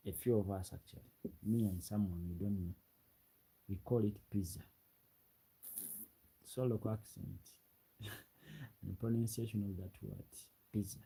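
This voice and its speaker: Ugandan guy on a late night livestream, gravelly and husky, lots of chuckling at chat. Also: lowish voice, steady tone, normal speed, pauses often, mellow, rough recording. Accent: Ugandan English. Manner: chatty, laughing, reading out viewer comments. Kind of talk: late-night live stream chat with viewers. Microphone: ring light setup, webcam.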